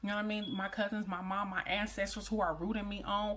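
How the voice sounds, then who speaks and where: A woman's voice: medium pitch, level tone, quick pace, a bit bright. A woman in her thirties talking heart to heart with her viewers, prayerful and earnest, repeating phrases for emphasis. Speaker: vlogger. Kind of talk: emotional personal talk to viewers.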